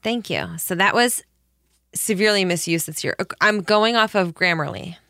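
A bright-voiced woman co-hosting a chatty podcast. She talks playfully and jokes freely, with a dry close-mic sound. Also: medium pitch, no echo. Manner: playful, quick to joke and do voices. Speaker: podcast co-host. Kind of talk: casual group chat.

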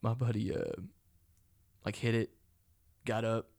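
Casual chatter: young guy, gravelly fry, loose and rambling, curses a lot. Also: lowish voice, little pitch movement, unhurried, darkish tone. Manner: rambling storytelling, swears often, laughs along. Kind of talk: casual chat.

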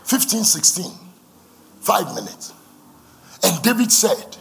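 A man's voice: on the high side, very animated, normal speed, vocal fry, pauses often, fairly bright tone. A man preaching a sermon, fervent and repetitive, leading the congregation in call-and-response.

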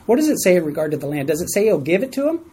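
A man's voice: high voice, big pitch swings, racing, mellow, poor audio. A man leading a Bible study lesson for a small group in a room, stressing key words and asking the group questions.

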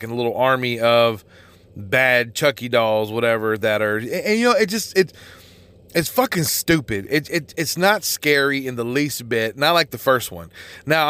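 A man hosts a podcast in a loose, rambling rant. He swears nearly every line, trips over his own words and leans on fillers. His voice sits at a middling pitch and sounds dry, with no room around it. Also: a bit bright, no echo. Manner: rambling, heavy swearing, frequent restarts and fillers. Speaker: podcast host. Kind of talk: casual profane podcast rant.

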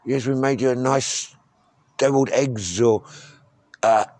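Man doing teasing sex-line woman, brassy, stumbling repeats, middle pitch. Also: a little slow, a little mellow, no room sound, close to an everyday voice. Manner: playful, teasing, stumbling over words.

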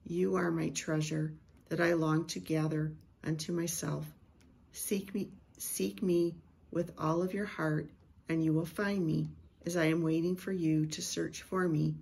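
A middle-aged woman, a Christian prophetic speaker, slowly and reverently reading a prophetic word and sharing a vision. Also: low voice, little pitch movement, vocal fry, darkish tone, slightly rough.

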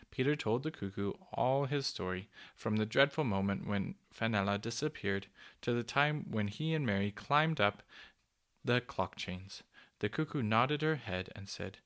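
A man reading a children's story aloud in a gentle, measured way. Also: lowish voice.

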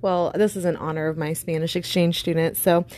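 A woman's voice: fairly low pitch, fairly even intonation, brisk, darkish tone. A woman co-hosting a podcast, chatting casually and playfully with frequent laughs. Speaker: podcast co-host. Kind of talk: casual chat.

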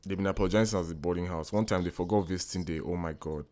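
A young man from Nigeria co-hosting a casual podcast, telling animated stories full of swearing and laughter. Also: sits low, racing. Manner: animated storytelling, profane, laughing. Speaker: podcast co-host. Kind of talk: casual chat.

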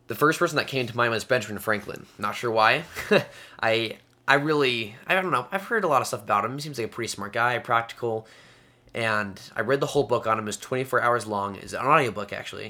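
A man's voice: mid-range voice, bright, forceful tone. Upbeat young man hosting a podcast. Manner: upbeat, chatty, with frequent little laughs. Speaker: podcast host. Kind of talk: casual solo podcast talk.

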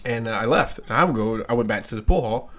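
A man co-hosting a casual comedy podcast, telling a story in an animated way, laughing often and acting out the people in it. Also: medium pitch, fast talker. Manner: animated, laughs often, acts out voices in his stories. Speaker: podcast co-host.

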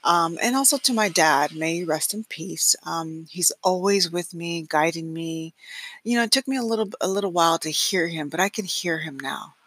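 Husky bright-voiced woman podcaster. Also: on the low side, normal speed. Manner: chatty, many fillers and restarts, laughs often. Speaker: podcast host. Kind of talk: personal storytelling monologue.

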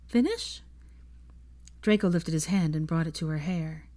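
A woman reading fan fiction aloud in a soft, intimate narrating voice. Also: low voice, steady tone, a little fast. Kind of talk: audiobook narration.

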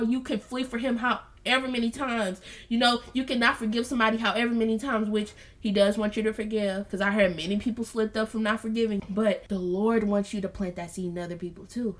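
A woman hosting a casual Bible study podcast, talking earnestly and preachily to her listeners and calling them y'all, then reading scripture aloud slowly and softly. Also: a little high. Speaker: podcast host.

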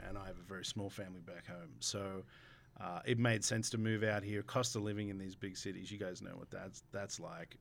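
A man's voice: lowish voice, gravelly, a bit bright, a little hiss or hum. A man with an Australian accent, chatting as an upbeat, jokey guest telling stories. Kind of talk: casual interview chat.

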